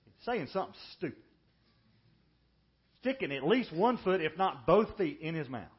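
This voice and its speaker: Male pastor, higher-pitched voice, emphatic sermon delivery with hushed drops, muffled recording. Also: sing-song. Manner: emphatic preaching, drops to hushed, slow lines for weight. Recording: dull lo-fi sermon audio.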